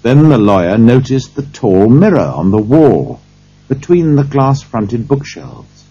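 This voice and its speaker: A man reading a story aloud for English learners in a slow, deliberate way. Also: medium pitch, big pitch swings, warm tone, slightly rough. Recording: dull lo-fi recording.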